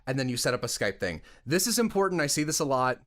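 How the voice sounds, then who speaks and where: A man's voice: medium pitch, quick pace. A young man co-hosting a casual podcast, giving blunt voice-acting advice and repeating words as he speaks. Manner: blunt, animated, repeats words when excited. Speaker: podcast co-host and voice director.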